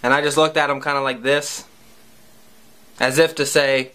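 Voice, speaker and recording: A man's voice: a little high, expressive, normal speed, long pauses, a bit bright. A man around thirty, a musician, telling a comic personal story in a wry, profane, self-mocking way. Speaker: musician and vlogger.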